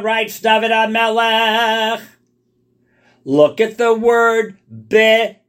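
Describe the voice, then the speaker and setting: A man giving a Torah lecture, dramatic and full of rhetorical questions, dropping to a hush and then rising to shouts for emphasis. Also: very high voice, takes it slowly. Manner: explains wordplay step by step, asks rhetorical questions. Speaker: Torah teacher. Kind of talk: Tisha B'Av lecture.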